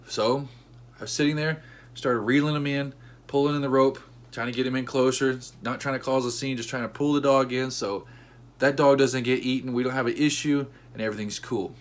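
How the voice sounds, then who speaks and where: A man telling a funny story from his own life, with an animated, conversational delivery. His voice sits in a middle pitch range. When he acts out what people said, it jumps into sudden high-pitched outbursts. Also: brisk. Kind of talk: comedic storytelling monologue.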